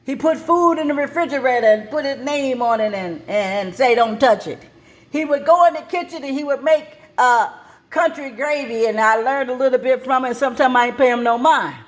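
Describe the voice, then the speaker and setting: A woman hosting a cooking show and telling a story at her kitchen stove, lively and plain-spoken. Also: high voice, fairly quick.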